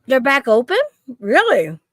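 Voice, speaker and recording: Fifties woman, rambling storyteller, slightly high pitch, dry close sound. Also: wildly swooping pitch, a little slow, a bit bright, no room sound. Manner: rambling storyteller, laughs often. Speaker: stream co-host. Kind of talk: casual chat.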